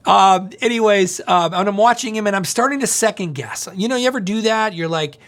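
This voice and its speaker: A male pastor preaching through a story in an animated, conversational way, often asking the audience questions. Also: high voice, brisk. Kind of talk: storytelling sermon.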